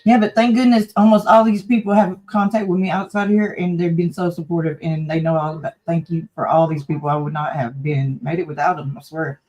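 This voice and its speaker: A woman's voice: lowish voice, steady tone, brisk, hardly any pauses, mellow, rough recording. A middle-aged woman, hosting a livestream and talking in a frank, rambling way with a bit of cussing. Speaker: livestream host. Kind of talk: casual livestream chat.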